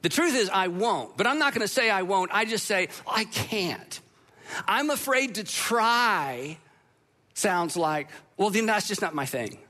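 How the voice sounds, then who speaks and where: A man speaks to an audience in a fairly high voice, telling a story with animated, self-deprecating humor. His tone is bright and forceful. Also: normal speed, few pauses. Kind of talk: storytelling talk to a live audience.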